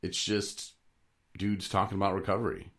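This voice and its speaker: A man's voice: low voice, level tone, normal speed, fairly bright tone. A man co-hosting a podcast, chatting casually and rambling through stories with frequent chuckles. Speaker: podcast co-host. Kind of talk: casual chat.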